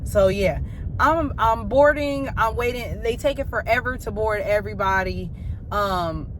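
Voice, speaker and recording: A woman's voice: mid-range voice, unhurried. Profane, exasperated woman telling a story from her car. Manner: snaps at traffic while driving. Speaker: teacher. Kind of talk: casual storytime chat. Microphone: phone camera.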